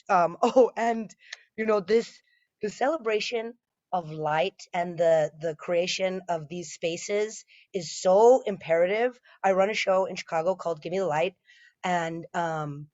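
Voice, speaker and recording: In a stand-up storytelling set, a woman in her thirties who works as a comedian tells chatty, self-deprecating stories full of fillers and restarts. Her voice is fairly low and darkish in tone. The recording is muffled, with no echo.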